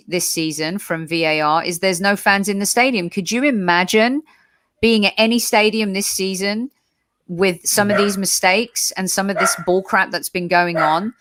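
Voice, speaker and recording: A woman from England chatting on a football podcast, telling stories in an animated, chatty way. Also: mid-range voice. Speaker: podcast guest. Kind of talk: casual podcast chat.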